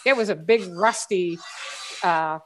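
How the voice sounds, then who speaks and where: A woman's voice: lowish voice, a little slow, slight background noise. A woman guest on a casual group chat, talking in long rambling stretches with frequent restarts and fillers. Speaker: guest treasure hunter.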